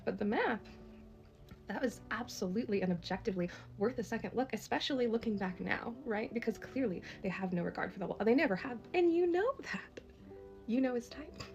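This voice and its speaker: A woman's voice: fairly high pitch, creaky, a little mellow. A woman making an impassioned, emotional direct-to-camera plea as a social media creator, laughing through tears.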